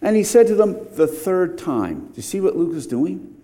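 Middle-aged guy preaching verse by verse, mellow voice, calm explaining then bursts of emphasis. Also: sits high, normal speed. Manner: explanatory, rising to emphatic outbursts on key points. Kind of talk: verse-by-verse sermon.

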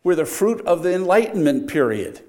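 An older man, a pastor, preaching a sermon with wry humor and sharp swings between loud emphasis and quiet, earnest moments. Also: high-pitched, very animated, moderate pace.

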